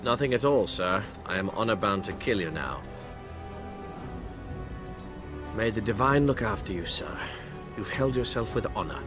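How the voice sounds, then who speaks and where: A man's voice: on the low side, animated, brisk, music in the background, close to an everyday voice. A man voicing a stern, proud game knight. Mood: solemn. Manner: formal, stiff, honor-bound. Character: proud, stern male knight seeking a duel. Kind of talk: video game dialogue.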